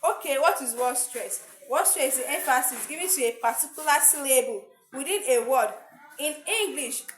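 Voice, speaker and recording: A high-voiced woman teaches a lesson, pausing and repeating words as she looks for the right one. The room is echoey, with a faint hiss behind her. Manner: halting, repeats herself while searching for words. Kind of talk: classroom lesson.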